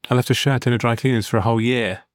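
A man's voice: medium pitch, fairly even intonation, rapid-fire, no echo, clean studio sound. A man hosting a podcast in casual chat, rambling and giggling, in a sound-treated booth. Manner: rambling, giggly, self-mocking. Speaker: podcast host.

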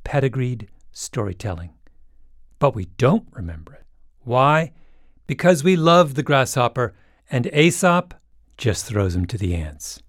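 A man's voice: medium pitch, big pitch swings, unhurried, no echo, clean studio sound. A man hosting a podcast in wry, emphatic scripted narration. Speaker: podcast host.

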